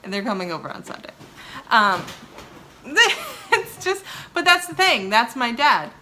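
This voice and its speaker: A woman's voice: on the high side, measured pace, noisy background. A woman hosting a vlog, chatting casually and teasing her husband, laughing often. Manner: giggly, teasing, animated. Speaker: vlog host, wife. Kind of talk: casual chat.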